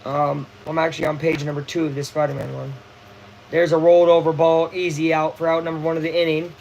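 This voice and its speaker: A young man hosting a casual live baseball watch-along, chatty and excitable, full of slang. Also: fairly high pitch, fast, vocal fry, a little hiss or hum, rough recording. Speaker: livestream host.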